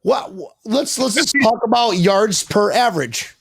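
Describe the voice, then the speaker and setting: Male podcast host, raspy, higher-pitched, excitable and loud, dry mic. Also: measured pace, no room sound. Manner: loud, excitable, joking, stammers when worked up. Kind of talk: rowdy casual podcast banter.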